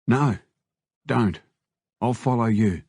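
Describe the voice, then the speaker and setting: A man voicing a calm, stubborn, beaten-up male prisoner leader, with a dark husky voice. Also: mid-range voice, slow, no room sound, studio quality. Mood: stoic. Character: battered male prisoner gang leader, stoic.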